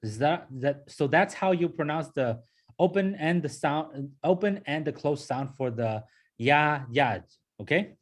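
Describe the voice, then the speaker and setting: A man's voice: on the high side, animated, measured pace. A man teaching a pronunciation lesson to a class. He patiently repeats sounds and keeps checking in with "okay?" and "right?". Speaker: language teacher.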